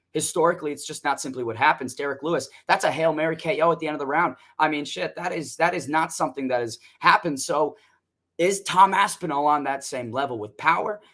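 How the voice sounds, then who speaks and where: A man's voice: a little high, pushed and bright. A man giving confident, casually profane fight analysis as a podcast guest.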